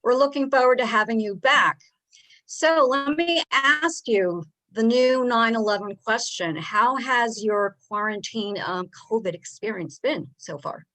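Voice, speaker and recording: A woman's voice: on the high side, expressive, unhurried, bright, forceful tone, poor audio. A woman in her forties moderating a video-call interview, asking questions in an upbeat, friendly way.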